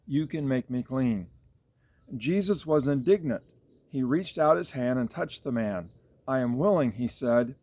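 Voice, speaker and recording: A man's voice: mid-range voice, gravelly, darkish tone. A man giving a devotional Bible reflection as a pastor, thinking aloud in a reflective way with fillers and restarts.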